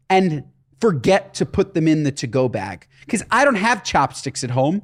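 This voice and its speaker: A man co-hosting a comedy podcast with a fairly high voice. He rants in exasperated comic bursts, all mock outrage and punchlines. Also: sing-song, normal speed. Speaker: podcast co-host. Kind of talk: comedic casual podcast chat.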